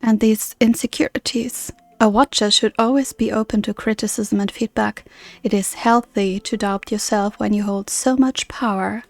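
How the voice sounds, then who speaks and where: A woman reading aloud the lines of an earnest, formal woman guardian from a game, in a measured, soft-spoken way. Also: mid-range voice, steady tone, natural voice.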